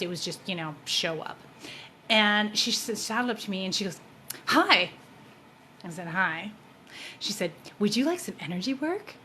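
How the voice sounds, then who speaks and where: A woman host telling a personal story in a lively way, acting out the voices of the people in it. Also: mid-range voice, slight background noise. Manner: animated, acts out quoted voices. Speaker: psychic show host. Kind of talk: storytelling monologue.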